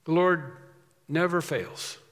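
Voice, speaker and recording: Male pastor, sermon, bright forceful voice, loud drawn-out emphasis, reverberant hall. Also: a little high. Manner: preaching with sudden loud emphatic swells and slowed, drawn-out phrases.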